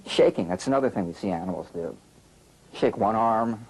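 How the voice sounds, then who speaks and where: A man coaching a student through a relaxation and breathing exercise, giving calm, slow instructions with gentle prompts. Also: lowish voice, breathy edge.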